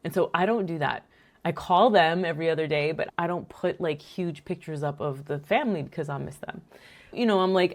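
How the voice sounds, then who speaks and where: A woman from Rico, hosting and telling a faith-based family story in a lively, laughing way. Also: sits low, fairly quick. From Puerto Rico. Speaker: podcast host.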